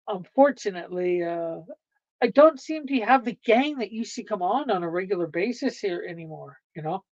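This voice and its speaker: A woman's voice: medium pitch, lively intonation, moderate pace, a little mellow, no room sound, lo-fi sound. A woman hosting a livestream, chatting casually with viewers, rambling and laughing often. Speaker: livestream host.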